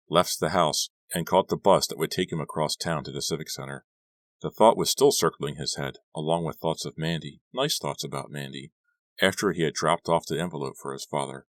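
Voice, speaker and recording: A man narrating a young adult horror novel in a measured reading. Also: extremely low pitch, dry recording. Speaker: audiobook narrator. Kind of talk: scripted narration.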